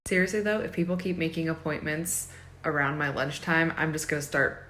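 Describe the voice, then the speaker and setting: A woman's voice: low-pitched, a little fast, a bit bright, a little hiss or hum. Profane ranting woman in her twenties. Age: 20s. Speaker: vlogger. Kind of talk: casual selfie video chat.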